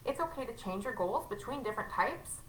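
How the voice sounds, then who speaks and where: Bright, emphatic woman team leader. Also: on the high side, expressive, fairly quick, roomy sound, rough recording. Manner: candid, emphatic, acts out quoted exchanges. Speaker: team leader training her sales team. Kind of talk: casual motivational training talk.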